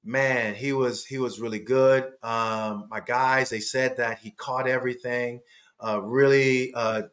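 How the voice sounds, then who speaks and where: A man voicing a calm male team contact on the phone, speaking slowly and low with many pauses and uhs. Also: natural voice. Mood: earnest. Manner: slow, low, halting delivery with many uhs.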